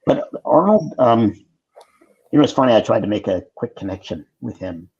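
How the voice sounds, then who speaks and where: A middle-aged actor telling casual behind-the-scenes stories as a talk show guest, with animated storytelling. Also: male voice, mid-range voice, normal speed, husky, muffled recording. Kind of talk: casual anecdotes on a video call talk show.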